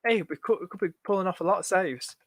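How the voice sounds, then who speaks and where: Male streamer, high voice, dry close sound, chatty and rushed. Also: no room sound. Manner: excitable, rushed, repeats himself, says "mate" a lot. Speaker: fantasy football streamer. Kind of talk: live stream chat answering viewer questions.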